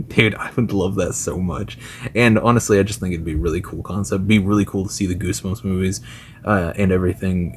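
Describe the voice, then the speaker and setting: A man's voice: fairly low pitch, darkish tone, a little hiss or hum. A man talking as a gaming YouTuber in loose, enthusiastic casual commentary, full of fillers and slang.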